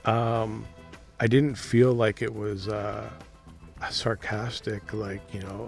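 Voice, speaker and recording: A man talking casually about his dreams, hesitant and rambling, with soft laughs. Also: on the low side, little pitch movement, slow, vocal fry, faint music behind. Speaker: dream vlogger. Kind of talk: casual monologue to camera.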